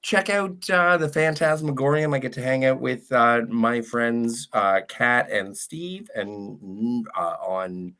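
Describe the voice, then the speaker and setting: A man's voice: medium pitch, slow pace, few pauses, sharp tone. A man joking and rambling as a guest on a live stream. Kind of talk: casual live-stream chat.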